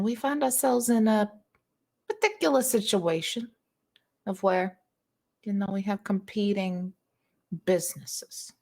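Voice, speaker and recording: Give me a woman playing a scheming old mob boss with a thick mobster accent and a smooth drawl. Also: medium pitch, a little mellow. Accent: put-on mobster accent.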